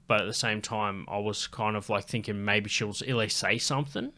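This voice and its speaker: A comedian telling a rambling pub story in casual podcast chat, swearing constantly and filling with "like". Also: male voice, lowish voice, steady tone, fairly quick, pushed and bright. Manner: rambling, heavy swearing, lots of "like".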